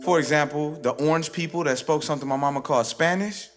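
Wry spoken-word storyteller. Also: male voice, a little high. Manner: rhythmic, wry, with dramatic pauses. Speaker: rapper. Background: guitar music.

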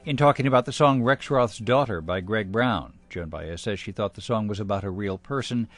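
Man, radio host, low-ish voice, dry wry letter reading, scripted, faint background music. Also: moderate pace. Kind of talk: scripted public radio read.

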